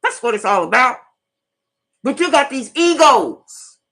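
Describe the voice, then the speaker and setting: A fiery middle-aged woman, delivering a fiery monologue on her own channel. She preaches and curses, driving each point home by repeating it. Her voice sits a little high. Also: big pitch swings, unhurried, fairly bright tone. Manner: fiery, preachy, profane, repeats herself for emphasis. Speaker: channel host. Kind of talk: impassioned monologue.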